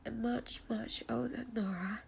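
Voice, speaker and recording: A woman's voice: a little high, steady tone, unhurried, gravelly, darkish tone, slight background noise. Woman reading a timid, weary widow. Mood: subdued. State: stuffy nose from a cold.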